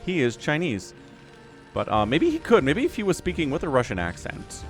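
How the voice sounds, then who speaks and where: A man giving casual esports commentary as caster, chatty and rambling, getting excitable at the action. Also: fairly high pitch, normal speed, soft background music. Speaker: game caster.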